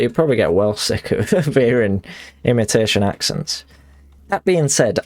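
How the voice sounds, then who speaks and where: A man's voice: lowish voice, vocal fry. A young man streaming a game live and chatting as he plays, rambling and self-mocking with many restarts.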